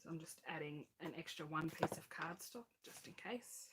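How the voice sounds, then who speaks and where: A woman's voice: deep voice, normal speed, heavy background noise. A woman hosting a live crafting stream, chatting casually as she narrates each step and laughs at her own mishaps. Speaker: crafting channel host.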